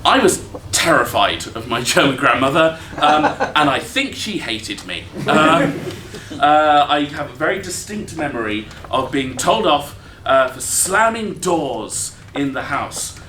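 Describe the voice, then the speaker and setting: A man's voice: on the high side, sing-song, measured pace, hardly any pauses, sharp tone. A man on a live comedy stage, rambling through a self-deprecating story with many ums. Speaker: improv comedy performer. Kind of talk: comic storytelling monologue. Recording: echoey room with background noise.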